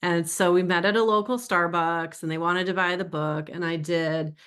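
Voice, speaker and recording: Speaking at normal speed in a lowish, steady, fairly bright voice, a middle-aged woman author chats with an audience about her book; the sound is clean. Her talk drifts into tangents and turns emotional as she shares stories.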